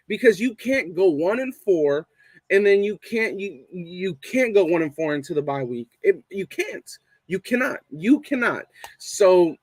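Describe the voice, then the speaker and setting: Young guy cursing through a fan livestream, kinda high voice, dry close sound. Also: slightly rough, no room sound. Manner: heavy swearing, repeats points for emphasis. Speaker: fan show host reading live chat. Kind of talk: casual live-stream chat.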